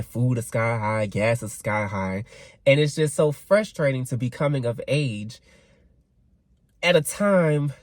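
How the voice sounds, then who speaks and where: A man in his twenties with a mid-range, darkish voice rants candidly to the camera in a casual vlog while recovering from a cold, swearing freely. The recording is dry.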